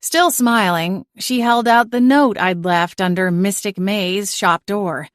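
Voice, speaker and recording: A woman reading a first-person audiobook narration in an even, measured storytelling way. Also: medium pitch, smooth, no room sound, clean studio sound.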